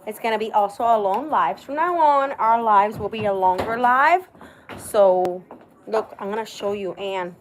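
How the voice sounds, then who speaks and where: A crafts livestreamer chats cheerfully and casually with her viewers, speaking straight to them as she walks outdoors at home to a chicken coop. Her voice is mid-range at normal speed, and the poor audio carries slight background noise.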